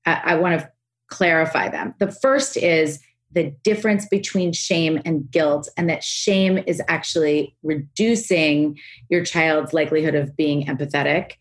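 A woman hosting a podcast interview, talking enthusiastically and rushing through her thoughts with restarts. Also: low voice. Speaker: podcast host.

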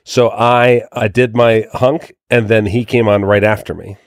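Low-voiced man telling a story. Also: measured pace, no room sound, clean studio sound. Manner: lively anecdote-telling with restarts. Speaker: podcast co-host. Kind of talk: casual chat, storytelling.

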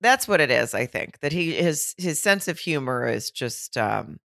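A woman co-hosting a podcast, chatting casually about a reality show, animated and incredulous and laughing often. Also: deep voice, normal speed, vocal fry, no echo, studio quality. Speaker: podcast co-host. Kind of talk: casual reality TV recap chat.

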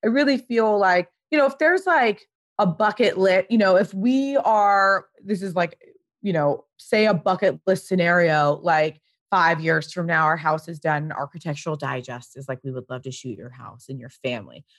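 A woman in her thirties chatting as a podcast guest, with lots of fillers and animated voices when she quotes people. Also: fairly low pitch, normal speed, no room sound, clean studio sound. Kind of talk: casual chat.

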